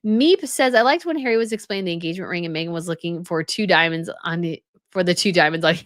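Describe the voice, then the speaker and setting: A woman's voice: lowish voice, quick pace, fairly bright tone, dry recording, studio quality. A woman hosting a live stream, reading viewer comments aloud and chatting casually, often restarting and repeating phrases. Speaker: host of a royal news live stream.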